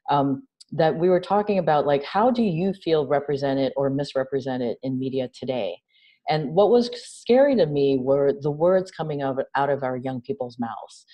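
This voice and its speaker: A woman from New York City speaking as an interview guest, animated and conversational, often checking in with "right?". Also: deep voice. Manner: animated, acts out quoted dialogue, frequent "right?". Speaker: interview guest, nonprofit founder.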